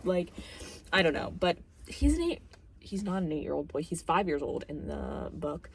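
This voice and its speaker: A woman's voice: fairly low pitch, big pitch swings, moderate pace, creaky, breathy edge. A young woman vlogging, chatting casually about a film and book, rambling with lots of fillers and jokey asides.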